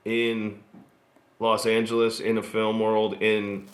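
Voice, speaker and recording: A man born in Australia and raised in Texas, telling stories as a guest in a casual interview, relaxed and rambling with fillers. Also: lowish voice, slow. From born in Australia, grew up in Texas. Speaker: guest actor. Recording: roomy echo.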